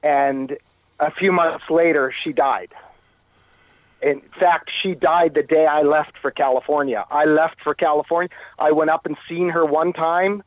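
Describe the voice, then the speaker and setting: A man from Canada, a guest in an interview, telling a personal story in a halting way, often repeating and restarting phrases. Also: a little high, steady tone, no room sound, phone-quality sound.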